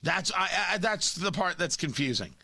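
Male talk radio host, animated and opinionated, tight dry studio sound. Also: a little high, moderate pace, breathy edge, dry recording.

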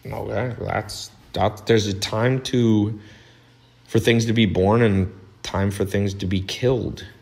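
A man hosting a podcast, talking bluntly and animatedly in a casual monologue, his voice swinging between loud and low. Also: fairly even intonation, slow pace, gravelly. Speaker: podcast host.

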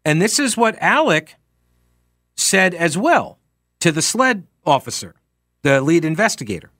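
A man hosting a talk show, giving animated commentary on a trial and acting out quoted speech with rhetorical questions. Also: on the high side, measured pace, no echo, clean studio sound.

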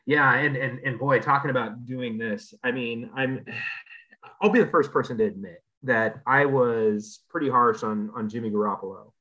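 A man hosts a sports podcast in a bright, forceful voice, chatty and prone to stammering repeats. His audio comes through slightly dull and lo-fi. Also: mid-range voice, normal speed. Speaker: podcast host. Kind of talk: casual sports chat.

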